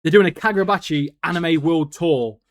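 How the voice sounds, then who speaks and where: A man co-hosting a podcast in casual chat, slangy and excitable, laughing often. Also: fairly high pitch, a little fast. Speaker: podcast co-host.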